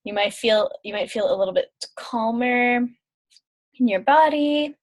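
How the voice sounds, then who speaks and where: A woman's voice: fairly high pitch, a little slow. A young adult woman guiding an intuitive healing session in a chatty, loose way, with fillers and yawns between points. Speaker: intuitive healer. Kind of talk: guided energy-clearing session.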